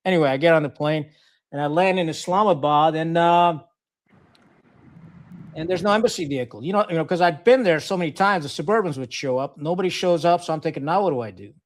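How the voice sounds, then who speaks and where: A middle-aged man from Pakistan, a former Marine officer, recounts his service as a podcast guest. His voice sits a little higher than most men's, and he talks frankly, swearing freely and restarting sentences with plenty of fillers. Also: fast talker. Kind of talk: casual storytelling interview.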